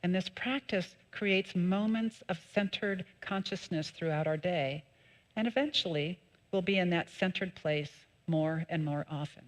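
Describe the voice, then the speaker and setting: A woman minister giving a sermon, calm and measured in her teaching, with lively emphatic peaks. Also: fairly low pitch. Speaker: associate minister. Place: church sanctuary.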